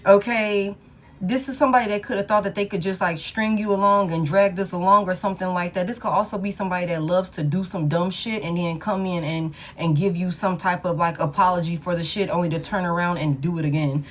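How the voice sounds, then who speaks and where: A woman's voice: lowish voice, steady tone, brisk. A woman giving a live tarot reading, talking casually and profanely to her viewers. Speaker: tarot reader.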